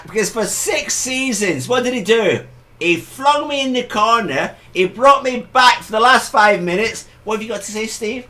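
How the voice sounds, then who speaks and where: Animated Glaswegian man, high lively voice. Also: a little hiss or hum. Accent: Scottish (Glasgow). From Scotland. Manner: animated, ranting storyteller who mimics others. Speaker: co-host. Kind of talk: casual chat.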